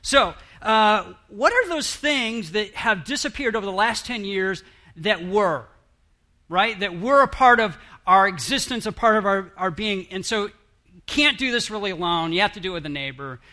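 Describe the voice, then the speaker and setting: Chatty, bright-voiced man addressing a crowd. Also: high-pitched, expressive, normal speed. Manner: chatty, rambling, self-interrupting, asks the audience questions. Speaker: speaker addressing an audience. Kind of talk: interactive audience talk.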